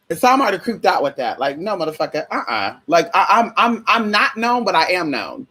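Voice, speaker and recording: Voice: medium pitch, a bit bright, husky. A vlogger telling a story in a casual, profane, chatty way, calling viewers y'all, girl and honey.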